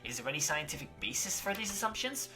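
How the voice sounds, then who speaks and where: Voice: medium pitch, very animated, quick pace, sharp tone, faint music behind. A gamer voicing a curious, polite young male student asking a question. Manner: polite, inquisitive.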